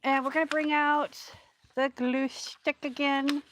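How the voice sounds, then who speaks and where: A woman's voice: sits high, level tone, measured pace, fairly bright tone, a little hiss or hum. Chatty woman hosting a craft stream. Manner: chatty and rambling, greets viewers while working. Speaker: craft video host. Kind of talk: casual live crafting chat.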